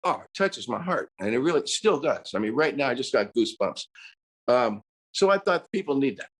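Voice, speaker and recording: An American man in his seventies, a musician talking casually in an interview, animated and breaking into bursts of singing and screaming. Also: mid-range voice, a little fast. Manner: animated storyteller, bursts into sung screams and imitated voices. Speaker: musician guest.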